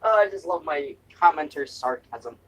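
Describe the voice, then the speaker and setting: Young man, casual snack-review vlog, slightly high voice, swings up and down a lot, jokey and swearing, mic a bit distant. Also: animated, normal speed, a bit bright, husky. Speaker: food review vlogger. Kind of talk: casual taste-test vlog. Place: room at home with window open.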